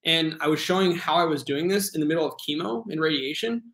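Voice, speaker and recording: A man in his twenties, a guest telling his story in a casual, earnest way, full of fillers and animated retelling. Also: on the high side, fast talker, reverberant. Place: home room.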